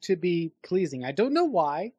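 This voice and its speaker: A woman's voice: on the low side, big pitch swings, moderate pace, dark tone, husky, dry recording, highs cut off. A woman co-hosting a podcast, chatting casually about a film, hesitant and rambling with many restarts. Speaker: podcast co-host. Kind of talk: casual movie chat.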